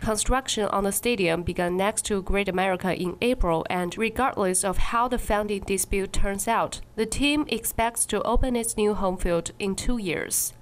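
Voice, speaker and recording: A woman news anchor reading scripted news stories in a measured, even way. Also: mid-range voice.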